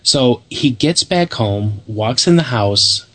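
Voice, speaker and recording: A man's voice: mid-range voice, lively intonation, slow pace, a bit bright, no room sound. A man co-hosting a paranormal radio talk show, telling stories in a laid-back, rambling way and swearing casually. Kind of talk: casual chat and storytelling.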